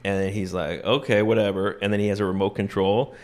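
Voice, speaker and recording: A man's voice: fairly low pitch, little pitch movement, fast. A man casually retelling a movie plot on a comedy podcast, acting out the characters' lines and laughing often.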